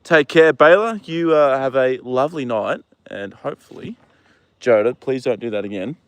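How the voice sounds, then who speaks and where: Young kiwi guy on a horse livestream, outdoors, chill and chatty, cusses a bit, middle pitch. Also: moderate pace, clean tone, no room sound. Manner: relaxed, chatty, swears casually, coos at his horse. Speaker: livestream host with his horse. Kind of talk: casual chat reading viewer comments.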